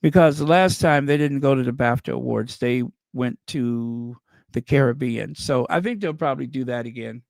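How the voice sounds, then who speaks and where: A man's voice: medium pitch, normal speed, gravelly, a little mellow, no room sound, studio quality. A man doing casual commentary, sarcastic and chatty, tossing out rhetorical questions and wry asides. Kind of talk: casual chat.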